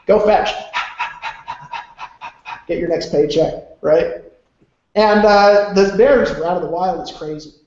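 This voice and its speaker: Recorded in a very echoey room with dull lo-fi sound, a high-pitched man with a darkish tone gives a motivational talk at a moderate pace. He's emphatic and rambling, with casual cursing throughout.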